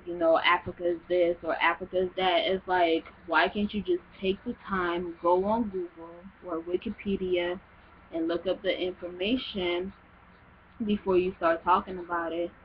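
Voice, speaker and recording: A woman's voice: on the low side, slight background noise. Chatty young woman vlogging, lo-fi sound. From Nigeria. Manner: chatty, exasperated, many fillers like "you know". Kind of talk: casual vlog rant.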